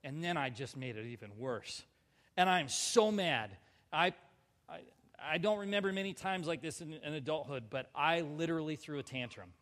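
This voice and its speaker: A man with a notably high voice tells a personal story from the pulpit. He is animated and pokes fun at himself as he acts out his own words. The sound rings out with the long reverb of a big hall. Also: moderate pace. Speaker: preacher giving a testimony. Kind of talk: storytelling sermon. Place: large hall before a live audience.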